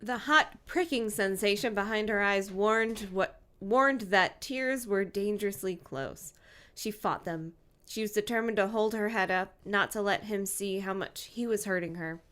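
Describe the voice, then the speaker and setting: A woman co-hosting a podcast, reading a novel aloud in an even, measured way. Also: medium pitch, clean tone. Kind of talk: casual chat and reading aloud.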